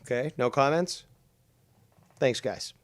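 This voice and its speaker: A man's voice: mid-range voice, takes it slowly, no room sound. A man hosting a casual live-stream talk show, brash, sarcastic and teasing. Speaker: host.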